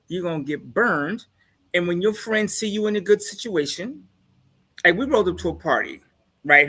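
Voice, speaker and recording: A man's voice: sits high, pushed and bright. Man guest, easygoing storyteller, boastful, chuckles at his own lines. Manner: laid-back, boastful, laughs at his own jokes. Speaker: guest on a live discussion show. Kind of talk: casual chat, storytelling.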